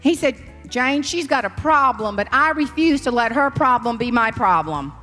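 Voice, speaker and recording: A middle-aged woman with a Southern US accent telling a sassy, animated story as a professional speaker before an audience in a large hall. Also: on the high side, moderate pace, soft background music. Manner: sassy, animated storyteller who acts out quotes. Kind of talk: storytelling keynote speech. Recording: live stage talk in a reverberant hall.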